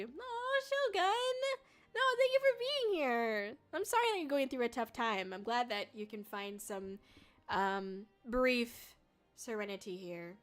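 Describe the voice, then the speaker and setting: A young woman streamer chatting casually with her viewers, bubbly and giggly, with lots of filler words. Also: mid-range voice. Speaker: VTuber streamer. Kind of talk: casual livestream chat with viewers.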